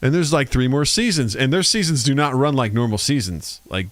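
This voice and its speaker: Animated man co-hosting a podcast. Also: brisk, no echo. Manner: animated, swears, acts out quoted voices with big pitch jumps. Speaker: podcast co-host. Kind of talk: casual podcast chat. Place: studio, live stream.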